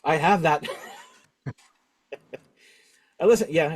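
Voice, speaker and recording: Chatty middle-aged man, higher voice. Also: very slow, husky. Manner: talkative, animated, laughs often. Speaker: podcast host. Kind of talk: casual chat.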